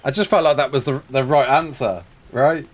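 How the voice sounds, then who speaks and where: This British streamer from the United Kingdom speaks at medium pitch and a moderate pace. He chats casually with his live audience, taking their questions, laughing frequently, and addressing people as mate.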